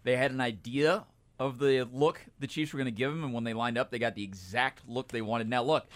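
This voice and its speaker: A man's voice: medium pitch, brisk. A man co-hosting a sports radio show in a studio, telling wry stories and anecdotes about the game. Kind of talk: casual sports talk radio. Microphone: studio microphone.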